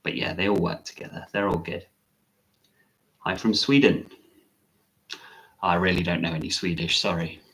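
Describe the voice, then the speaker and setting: A man's voice: deep voice, steady tone, moderate pace, long pauses, fairly bright tone. A man, a meditation teacher, chatting casually on a live stream, musing and correcting himself as he answers viewer comments.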